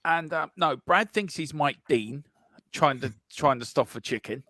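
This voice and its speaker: A man's voice: on the high side, measured pace, bright, forceful tone, no room sound, studio quality. A man co-hosting a casual live football chat stream, reading out viewer comments in a playful, repetitive way. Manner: playful, repeats himself in bursts.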